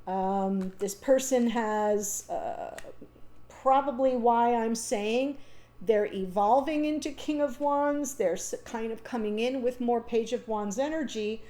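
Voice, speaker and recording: A woman with a fairly high, mellow, warm voice works through a tarot spread. She talks in an unscripted, reassuring way and pauses to think aloud with ums and restarts. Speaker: tarot reader. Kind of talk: unscripted tarot reading monologue.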